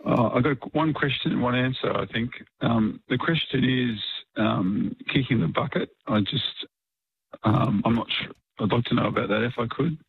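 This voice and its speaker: A man's voice: mid-range voice, moderate pace, husky, no room sound. A man calling in to a radio talkback show, speaking hesitantly with many fillers and restarts over a phone line. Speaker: caller.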